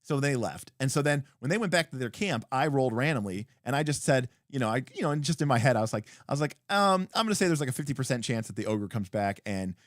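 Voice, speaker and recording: A man on a livestream talk show telling a tabletop game story in a rambling, animated way, full of fillers and restarts. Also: medium pitch, quick pace, few pauses, dry recording, clean studio sound. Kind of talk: casual livestream chat.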